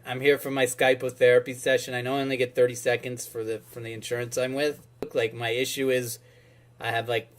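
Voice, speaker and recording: A man's voice: medium pitch, fairly bright tone. A man telling rambling, exasperated stories to a therapist over a video call, his voice climbing to pleading. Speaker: patient in comedy sketch. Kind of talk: comedic monologue to a therapist.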